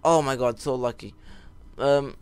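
A young man telling a rambling story while giving casual commentary over a football video game, breaking off for excited goal calls. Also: medium pitch, a little slow, smooth, soft background music. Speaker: gaming YouTuber.

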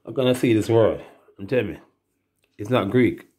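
A man's voice: fairly low pitch, expressive, normal speed, a little mellow. A Jamaican man in a rambling, profane casual monologue, breaking into laughing asides. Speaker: musician.

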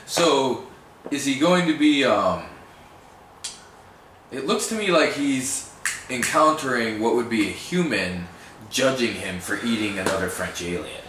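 A man who asks curious questions and makes dry quips in a relaxed drawing session. His voice moves with a lively pitch. The room is echoey, and noise with some clicking is clearly heard. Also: unhurried, pauses often, recorded from a distance. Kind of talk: casual chat while drawing.

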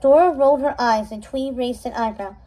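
A woman reading a novel chapter aloud in a steady storytelling manner, with small slips and restarts. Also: sits high, fairly quick, low-quality recording. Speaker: read-aloud narrator.

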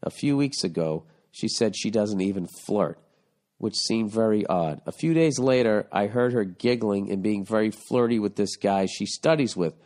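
A man's voice: on the low side, animated, normal speed, darkish tone. A man hosting a podcast, reading listener letters aloud and giving profane, exasperated comedic advice. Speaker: podcast host.

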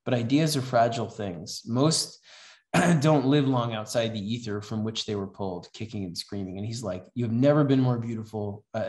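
A man teaching a comics writing class in a casual, rambling way, with many fillers, reading comic dialogue aloud. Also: medium pitch. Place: house event room. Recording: roomy echo.

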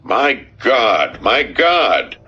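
A man's voice: low voice, expressive, takes it slowly, pushed and bright, husky, pitched above the performer's own voice, heavily acted. A male narrator voicing a shaken sheriff who stammers and breaks off as he speaks. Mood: distraught. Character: shaken middle-aged sheriff, distraught and faltering. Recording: dull, muffled recording with faint music.

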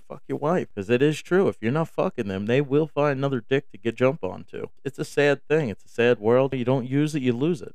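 A man's voice: mid-range voice, clean tone, no echo, clean studio sound. An American man hosting a late-night podcast, ranting casually with heavy swearing and a fired-up, brash manner. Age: adult with kids. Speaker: podcast host.

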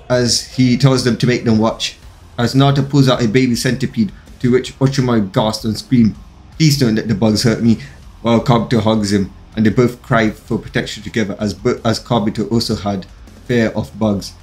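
A man's voice: mid-range voice, steady tone, fairly quick, a little mellow. A man narrating a fan-fiction story in a plain, run-on reading with occasional slips. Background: faint music.

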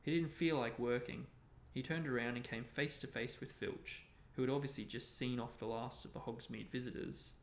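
Male reader, creaky tone, echoey room sound. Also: medium pitch, normal speed, hardly any pauses, a little hiss or hum. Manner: steady storytelling. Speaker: reader and show host. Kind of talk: reading a novel aloud. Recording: roomy echo.

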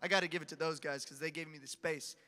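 A man on a convention panel, telling animated stories and laughing often as he answers questions. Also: fairly high pitch, quick pace. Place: large convention hall. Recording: echoey hall reverb.

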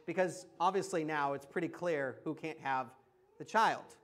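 High-voiced preacher, chatty and laughing. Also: male voice, normal speed, a bit bright. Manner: conversational, laughs often, emphatic asides. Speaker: pastor. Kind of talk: sermon. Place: church.

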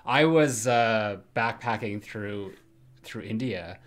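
A man's voice: lowish voice, slow. A man with a Canadian accent hosting a horror movie podcast in easygoing chat, often laughing and trailing off with fillers. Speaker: podcast host. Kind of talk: casual chat.

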